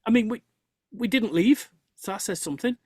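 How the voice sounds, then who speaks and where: A host chatting on a live show, telling an animated story full of halting restarts. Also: medium pitch, no echo. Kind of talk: casual chat on a live show.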